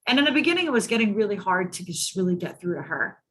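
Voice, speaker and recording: Over a video call, a woman mental health clinician tells colleagues a case story as part of a training presentation, speaking emphatically and repeating words for stress. Her medium-pitched voice is fast, a bit bright, and slightly rough, with big swings in pitch.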